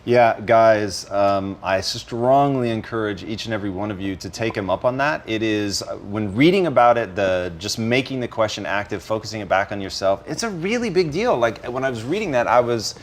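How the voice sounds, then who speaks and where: A man's voice: lowish voice, lively intonation, moderate pace, few pauses, a little hiss or hum. A man hosting an interview who talks in a reflective way, thinking aloud and telling a personal story. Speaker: host and company owner. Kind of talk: conversational interview.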